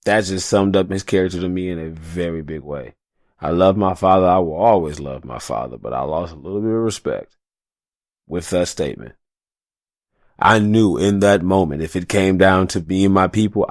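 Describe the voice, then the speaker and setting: Low-voiced man ranting passionately. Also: normal speed, dry recording, studio quality. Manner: profane, heated and passionate rant. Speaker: podcast host. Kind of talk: solo podcast monologue.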